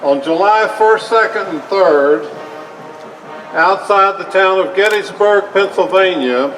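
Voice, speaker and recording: A man portraying a solemn nineteenth-century American president, giving a slow, measured, formal oration at an outdoor parade. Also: high-pitched, a bit bright, distant mic, soft background music, low-quality recording. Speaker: historical reenactor. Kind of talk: reenacted historical speech.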